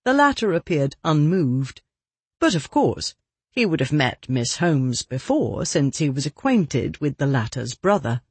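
Slow, husky audiobook narrator. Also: mid-range voice, big pitch swings, dry recording. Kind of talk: scripted narration.

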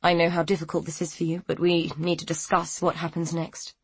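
A woman's voice: fairly low pitch, completely flat delivery, breathy edge, no echo. Woman voicing a cautious male detective. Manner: cautious, measured. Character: careful, patient male police detective.

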